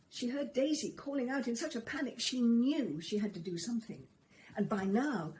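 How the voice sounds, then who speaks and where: A woman reading a children's story aloud, in a gentle, expressive storytelling manner. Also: a little high, slight background noise, low-quality recording.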